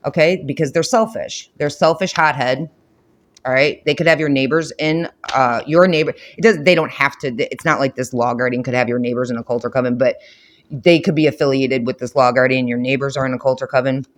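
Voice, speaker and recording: A man's voice: medium pitch, steady tone, a little fast. A man giving a spiritual reading to camera, blunt and profane, with frequent repetition and emphatic outbursts. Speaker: tarot reader.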